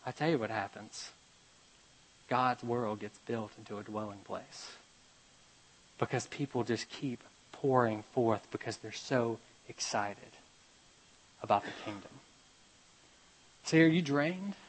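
A man preaches a sermon with a mid-range voice that rises to loud urgent calls. He then drops to a quiet, hushed storytelling tone, reading scripture aloud and telling a parable. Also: mid-range voice, slow, long pauses, low-quality recording. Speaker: pastor.

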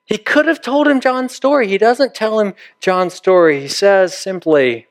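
A male pastor giving a sermon, telling a story with deliberate, dramatic pauses. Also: sits high.

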